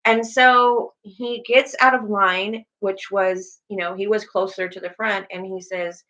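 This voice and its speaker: A woman's voice: mid-range voice, fairly even intonation, measured pace, hardly any pauses, fairly bright tone, rough recording. A woman co-hosting a casual religious talk show, chatting and telling stories with acted-out quotes. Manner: chatty storyteller, acts out quoted voices. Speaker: co-host.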